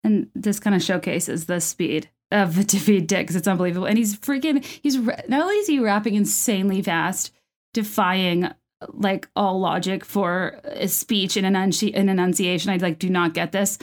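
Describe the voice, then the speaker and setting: A woman's voice: mid-range voice, normal speed. A woman talking casually at home, enthusiastic and chatty, with lots of fillers and restarts. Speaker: video creator discussing a musical. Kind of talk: casual commentary.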